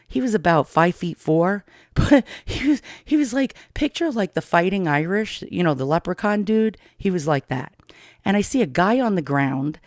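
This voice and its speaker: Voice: medium pitch, darkish tone, dry recording, studio quality. A middle-aged storyteller from Queens, telling a personal story in a blunt, profane, darkly amused way. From Queens, New York.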